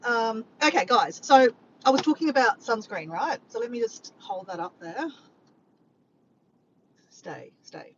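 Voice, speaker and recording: A woman's voice: lively intonation, moderate pace. An Australian woman hosting a casual livestream, chatting and joking with viewers and reading out their messages. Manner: chatty, joking, reads chat messages aloud. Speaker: livestream host. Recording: dull lo-fi sound with faint rumble.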